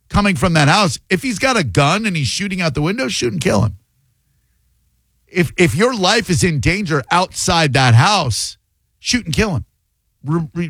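A man's voice: high-pitched, a bit bright, dry recording. A man hosting a radio call-in show, giving blunt opinions and joking with callers into a studio microphone. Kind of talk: talk radio commentary.

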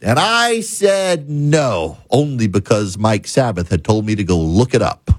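A man's voice: on the low side, big pitch swings, unhurried, no room sound. A middle-aged man hosting a talk radio show, telling stories emphatically and building to a punchline.

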